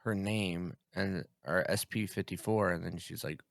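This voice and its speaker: A man with a low, gravelly voice chats casually as a podcast co-host. He reacts in a laid-back, wry way. The recording is dry and close, with no room sound. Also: steady tone, a little slow, no echo. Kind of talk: casual chat.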